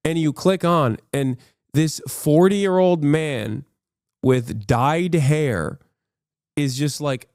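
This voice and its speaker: A man's voice: a little high, slow pace, darkish tone, no room sound, studio quality. A man in his thirties reacting to clips on a livestream, ranting in exasperated disbelief and swearing freely. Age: 30s. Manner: exasperated, profane, incredulous rants. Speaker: streamer.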